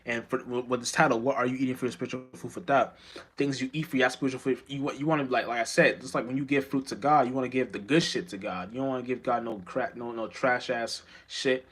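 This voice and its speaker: A man's voice: medium pitch, fast, hardly any pauses, a bit bright, slightly rough. A man giving an unscripted spiritual monologue as a vlogger, rambling and profane, with many restarts and stammers.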